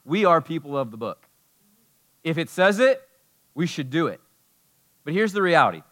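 A man's voice: a little high, big pitch swings, moderate pace, fairly bright tone. A man preaching a sermon as pastor, telling personal stories in a loose, conversational way, with lots of "like". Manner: conversational, storytelling, peppered with "like".

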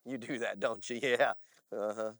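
A male pastor preaching a sermon, telling stories in an animated way and often checking in with "all right?". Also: on the low side, normal speed, no room sound, studio quality. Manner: animated storytelling with frequent "all right?" asides.

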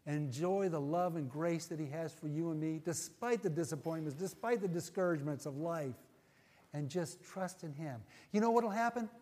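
A man's voice: a little high, moderate pace. Earnest folksy male pastor in a reverberant church. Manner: earnest, folksy, repeats phrases, drops to a hushed voice in prayer. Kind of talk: sermon and altar-call prayer. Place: church sanctuary.

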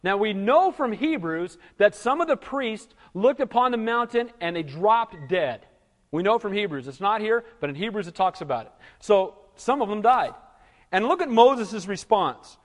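A man's voice: sits high, lively intonation, normal speed, long reverb tail. A male pastor preaching a sermon, emphatic, often asking the congregation "Amen?" and filling with "you know".

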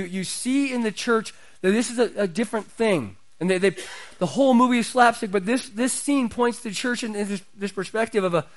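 A middle-aged man preaching a sermon in a conversational way, his voice climbing higher and louder as he builds up. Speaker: pastor.

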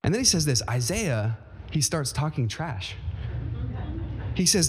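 Animated preaching man. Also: a little high, slightly rough. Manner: animated preaching, slowing down to read scripture. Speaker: pastor. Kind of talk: sermon.

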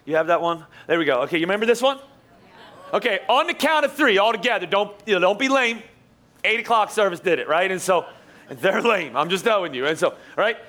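A man preaching a live sermon as pastor in a church, jokey and energetic, teasing his congregation. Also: sits high, a little fast. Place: church auditorium.

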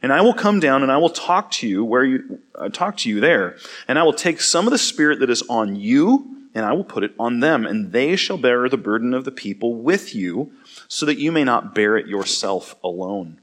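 A man's voice: medium pitch, very animated, normal speed, fairly bright tone. Man reading scripture with dramatic emphasis. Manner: reads dramatically, voicing the speakers with rising emphasis; casual asides with fillers and small slips. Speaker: Bible teacher. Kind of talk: scripture reading with casual commentary.

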